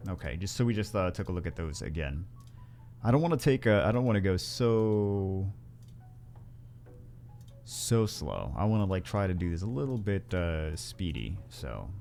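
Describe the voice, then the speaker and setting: A man's voice: sits low, big pitch swings, moderate pace, vocal fry, darkish tone. A man hosting a gaming video, rambling through casual gameplay commentary with wry asides and frequent self-corrections.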